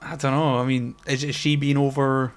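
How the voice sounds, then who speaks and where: A man's voice: mid-range voice, little pitch movement, normal speed. Young Scottish male co-host, wry banter, casual swearing. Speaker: podcast co-host. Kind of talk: casual chat.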